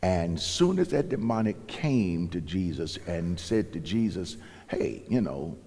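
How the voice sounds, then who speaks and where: A man's voice: low-pitched, animated, a little slow, mellow. A man preaching a sermon as pastor, telling the story with animation and acting out the characters' lines in different voices. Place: church sanctuary. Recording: long church hall reverb.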